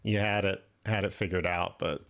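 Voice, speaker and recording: A man's voice: sits low, normal speed, vocal fry, clear, resonant tone. A man hosting a live stream, chatting casually with many fillers and restarts. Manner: relaxed, rambling with many fillers. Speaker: stream host.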